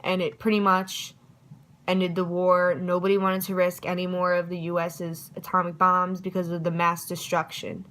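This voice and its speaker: A young woman talks through a history review in a loose, casual way. Her voice is bright and forward. She is chatty and pokes fun at herself when she trips over her words. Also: fairly low pitch, monotone, normal speed, low-quality recording. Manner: chatty and self-deprecating, stumbles over words. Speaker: student giving a history review.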